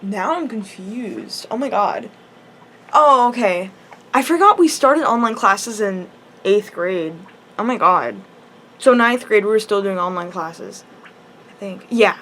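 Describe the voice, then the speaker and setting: A woman's voice: medium pitch, lively intonation, unhurried, fairly bright tone. A teenage girl telling a personal story in a casual vlog, rambling and chatty with lots of "like" and restarts. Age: teens. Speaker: high school student.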